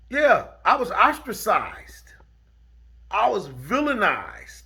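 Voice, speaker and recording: A man's voice: mid-range voice, expressive, slow pace, pauses often. A middle-aged man telling a true story from his school days in a casual, drawling way that turns heated. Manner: drawling, chuckling, gets heated and loud.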